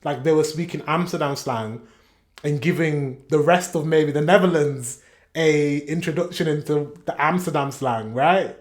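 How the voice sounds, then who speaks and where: A man's voice: a little high, normal speed. Chatty man reacting. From Yorkshire, England. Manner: chatty and rambling, with frequent self-corrections and chuckles. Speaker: reaction video host. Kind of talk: casual reaction commentary.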